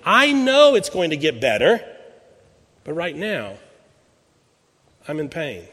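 A man's voice: a little high, huge pitch swings, slow, a bit bright, breathy edge. A pastor in his sixties giving a sermon, telling a personal story in a conversational way, often restarting his words. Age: 60s. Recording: long reverb in a large hall.

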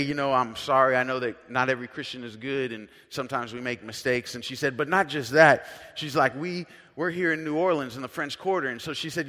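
A male pastor preaching a sermon as a story, conversational and earnest, swinging between soft, hushed lines and loud emphatic ones. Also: medium pitch, long reverb tail.

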